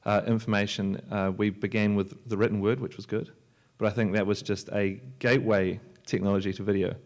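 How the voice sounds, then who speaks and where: In a library lecture hall, a male panelist who is both a software entrepreneur and filmmaker gives a relaxed, joking conference talk. He has a low-pitched voice and speaks fairly quickly. His delivery is loose, riddled with fillers and frequent restarts.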